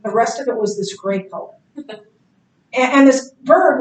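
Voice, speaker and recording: A middle-aged woman teaching a Bible class in a casual, animated way, telling stories and laughing easily. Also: high-pitched, unhurried. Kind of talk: casual classroom lecture with anecdotes. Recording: echoey classroom, distant mic.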